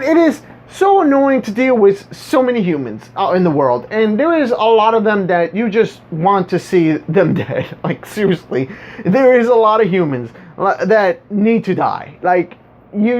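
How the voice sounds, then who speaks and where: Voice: medium pitch, sing-song, normal speed, darkish tone. A vlogger ranting casually to viewers, rambling and stumbling over repeated words with a sarcastic edge. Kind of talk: casual monologue rant. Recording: dull lo-fi recording.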